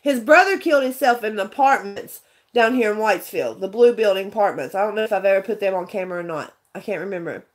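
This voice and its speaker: A woman's voice: mid-range voice, fast talker. A woman telling a story in a casual livestream chat, rambling and earnest, with frequent restarts. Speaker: vlogger chatting with viewers.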